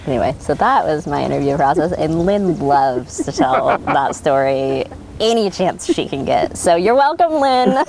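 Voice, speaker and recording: A woman with a notably low voice recounts her story in a relaxed oral history interview. She talks animatedly, laughs often and leans on fillers. A faint hiss of noise sits under her voice. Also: normal speed, gravelly. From Oregon. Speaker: winery worker being interviewed.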